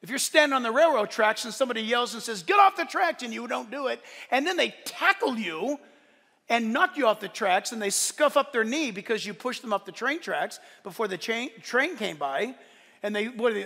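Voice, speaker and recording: A man preaching a sermon to his church, animated and swinging from loud declarations to soft, joking asides. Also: extremely high pitch, fairly quick, long reverb tail. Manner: playful, joking asides to the congregation. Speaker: pastor. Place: church service.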